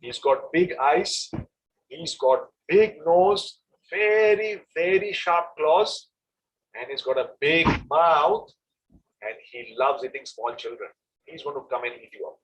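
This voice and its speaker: A man's voice: a little high, takes it slowly, poor audio. A man voicing a worried, loving mother who warns her small son about a monster in a devotional story. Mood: warning. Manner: coaxing, warning with big descriptions.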